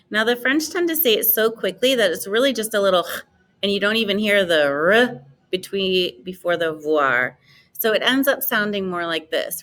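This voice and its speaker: A woman teaching a beginner language lesson, modeling words slowly and clearly for students to repeat. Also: mid-range voice, animated, a bit bright. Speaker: French teacher.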